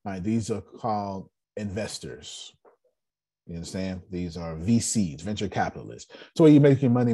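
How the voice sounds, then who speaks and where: A man's voice: fairly low pitch, dark tone. A man coaching an online business meeting in a blunt, joking way, repeating his phrases with a preacher-like rhythm. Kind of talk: animated motivational talk.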